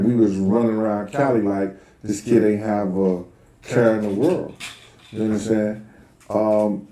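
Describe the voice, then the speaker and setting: A middle-aged man casually telling a long personal anecdote, rambling with lots of "you know" and "um", and getting loud when he acts out other people. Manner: rambling, loose delivery with frequent "you know" and "um"; gets loud and high when acting out quoted people. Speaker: storyteller recounting personal anecdotes. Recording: roomy echo.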